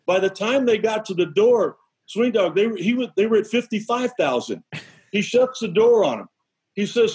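A man with a high, husky voice spins folksy anecdotes as an interview guest. He slips into the voices of the people in his stories as he goes. He sounds middle-aged and relaxed in the telling. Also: moderate pace, low-quality recording. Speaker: former baseball pitcher, guest. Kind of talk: animated storytelling in a podcast interview.

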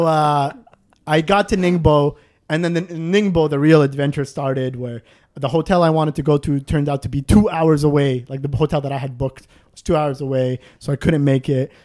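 A man in casual podcast chat, telling a travel story with lots of acted-out moments and laughter. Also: moderate pace. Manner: animated, acts out scenes with rising pitch, laughs often.

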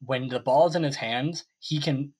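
In casual chat on a sports podcast he co-hosts, a young man rambles, restarting often and filling with likes. His medium-pitched voice is unhurried with a breathy edge.

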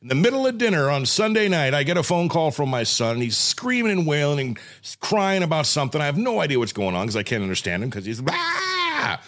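Animated man telling a story. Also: fairly high pitch, quick pace, hardly any pauses. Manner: animated storyteller, acts out voices. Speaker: podcast host. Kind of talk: casual chat.

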